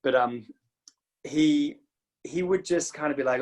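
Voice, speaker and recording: A man's voice: medium pitch, lively intonation, a little fast. A man in his forties teaching martial arts philosophy in a loose, rambling way, laughing often and trailing off mid-sentence. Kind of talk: informal teaching talk.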